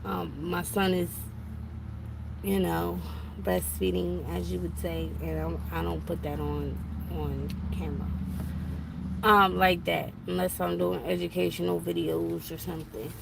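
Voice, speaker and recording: On a casual live stream from an eye doctor's office, a woman vlogger tells an exasperated, chatty story about her son's school. Her voice is on the low side, level in tone, a little slow, with vocal fry and background noise.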